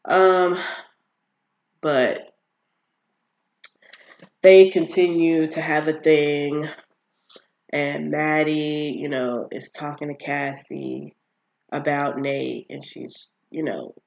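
A person casually recapping a TV series on their own channel, animated and exasperated, with emphatic asides and quick impressions of the characters. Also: medium pitch, dull audio. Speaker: TV show recapper.

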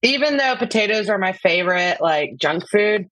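Breathy chatty woman in her forties. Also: medium pitch, animated, moderate pace, a bit bright, dry recording, rough recording. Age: 40s. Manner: chatty, hesitant, laughs easily. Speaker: podcast guest. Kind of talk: casual chat between sisters.

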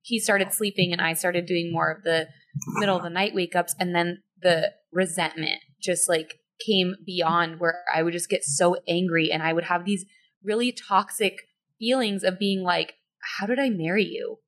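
A woman's voice: fairly low pitch, steady tone, moderate pace, a bit bright. Chatty woman host, says like a lot, voice jumps way up when she quotes herself. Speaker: podcast host. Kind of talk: conversational interview.

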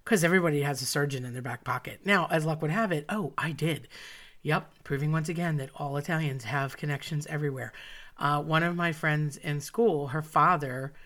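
A woman's voice: deep voice, brisk, a bit bright. Wry woman telling a true story. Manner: wry, self-mocking, comic asides. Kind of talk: personal story told to an audience.

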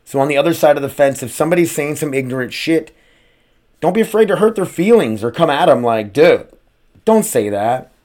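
An American podcast host and streamer rants casually on his own solo show, swearing a lot and drifting into rambling asides and rhetorical questions. His voice is on the high side and a little mellow, fast and lively in intonation.

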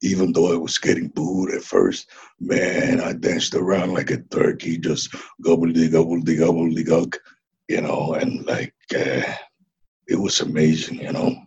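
Male actor as a mellow ex-wrestler guest: low, very husky drawl, calls everyone "man". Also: level tone, normal speed, muffled recording, exaggerated voice. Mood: laid-back. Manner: laid-back, drawling, says "man" constantly. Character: laid-back Mexican ex-wrestler man who hatched from an egg. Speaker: interview guest. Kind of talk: improvised comedy interview.

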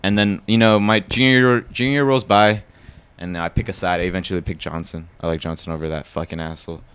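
Young guy rambling fast, low voice, lots of "like" and swearing. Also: fairly even intonation, a bit bright, clean tone. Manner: slangy, swearing, lots of fillers. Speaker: podcast co-host telling a story. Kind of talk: casual chat.

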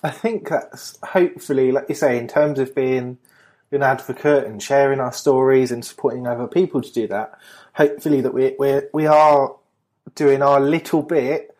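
A man, a podcast guest in casual chat, speaking gently and laughing warmly. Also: medium pitch, fairly even intonation, moderate pace.

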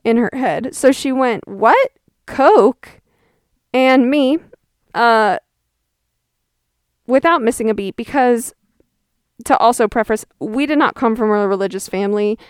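A woman's voice: a little high, moderate pace, smooth, no echo, studio quality. A young woman in her twenties hosting a podcast, telling a story in a chatty, wry way and quoting people in exaggerated voices. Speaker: podcast host. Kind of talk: casual storytelling monologue.

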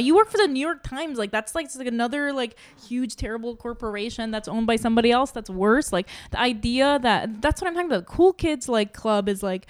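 A woman's voice: on the high side, fairly quick, few pauses, no echo. A woman co-hosting a casual podcast chat who rambles with lots of "like" and restarts, swears freely and acts out the questions running through her head.

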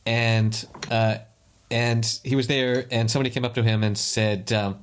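A man in casual conversation who makes puns and tells a story with many restarts. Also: medium pitch. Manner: wry, punning, halting storyteller. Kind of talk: casual chat and anecdote.

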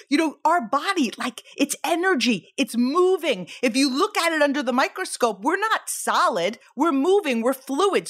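A woman's voice: a little high, a bit bright. A woman in her forties hosting a motivational podcast, speaking energetically with lots of rhetorical questions and check-ins like "okay?" and "right?". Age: 40s. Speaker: podcast host.

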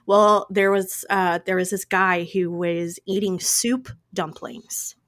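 A woman's voice: mid-range voice, level tone, takes it slowly, a bit bright, no room sound, clean studio sound. A woman with a Southern US accent co-hosting a podcast, chatting animatedly and peppering her talk with "like" and "y'all". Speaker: podcast co-host. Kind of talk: casual chat.

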